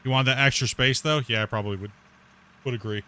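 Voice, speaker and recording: A man in the middle of a relaxed gaming session, talking off the cuff at an everyday middle pitch. He rambles, circles back on his own words and breaks into laughs as he goes. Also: fast talker, clean tone. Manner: rambling, repeats himself, laughs easily. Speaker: gaming streamer. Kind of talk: casual chat while playing.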